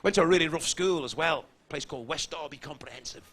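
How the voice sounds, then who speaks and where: A man's voice: a little high, fast talker, a bit bright. A man with a Scouse accent doing crude, brash stand-up comedy on a theatre stage. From Liverpool, England. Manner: brash, crude, swearing punchlines.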